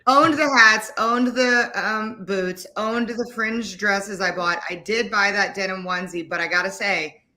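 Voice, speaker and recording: Casting: woman co-host, animated storyteller, bright forceful tone. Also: medium pitch, measured pace. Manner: animated storyteller, swears casually. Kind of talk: casual podcast chat.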